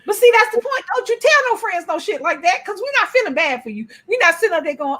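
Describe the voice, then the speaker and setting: Woman co-host, casual chat; blunt, profane, quick to laugh; high, expressive voice.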